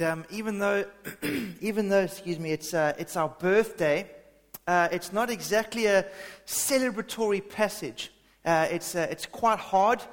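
A high-voiced man gives a sermon in a church hall, the long reverb trailing after his words. He talks in a loose, conversational way, full of fillers and restarts. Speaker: pastor.

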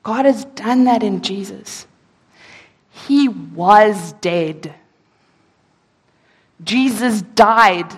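A woman preaching a sermon, reading scripture slowly and emphatically and asking rhetorical questions. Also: mid-range voice, slightly rough. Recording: echoey hall.

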